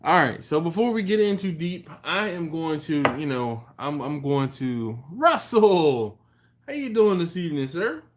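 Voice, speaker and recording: Man, live-stream host at home; loose, rambling chat greeting viewers by name; slightly high voice. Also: lively intonation, measured pace, a little hiss or hum.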